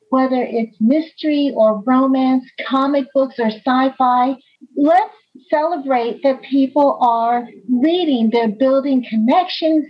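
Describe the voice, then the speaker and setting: A woman's voice: high-pitched, breathy edge, highs cut off. A woman speaking earnestly and emphatically as a panel guest.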